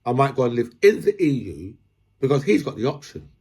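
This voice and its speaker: A smug, wealthy businessman shrugs off the matter in an offhand voice, as a man puts him on. His tone stays husky and middle-pitched, close to an everyday voice. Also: sing-song, a little fast, a little mellow.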